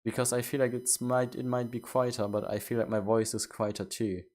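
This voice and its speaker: This man is streaming a game and chatting casually with viewers, asking them questions while stumbling over and repeating his words. His mid-range voice has a darkish tone and a flat delivery at a fairly quick pace.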